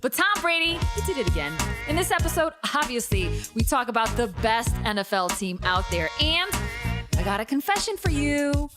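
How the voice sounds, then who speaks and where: A young woman hosting a casual podcast, telling a long story and swinging up into high, excited tones. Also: moderate pace, loud music behind the voice. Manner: animated storyteller, jumps to high excited pitch. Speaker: podcast host.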